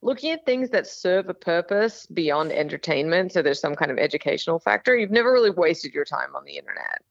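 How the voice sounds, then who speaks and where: Lively Australian woman guest. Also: lowish voice, creaky, no room sound, lo-fi sound. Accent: Australian with a slight Texas Southern touch. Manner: lively, laughs often, quick asides. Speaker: guest, meat and barbecue video maker. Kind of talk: casual interview chat.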